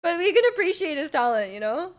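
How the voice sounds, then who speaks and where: A young woman with a high-pitched, sing-song voice talks fast while livestreaming, chatting casually with viewers. She rambles loosely, reading chat and answering their questions as they arrive.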